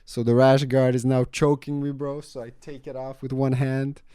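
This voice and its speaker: A young man chatting casually about his life in a vlog. He swears freely, leans on "you know" and "man", and gets louder when he retells a story. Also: mid-range voice, flat delivery, normal speed, smooth, dry recording, studio quality. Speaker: vlogger.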